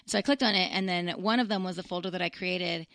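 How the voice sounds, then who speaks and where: Lower-pitched woman chatting about her kids. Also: fast talker, dry recording. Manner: chatty, animated storytelling with laughs. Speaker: podcast co-host, mother of twin toddlers. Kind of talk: casual chat.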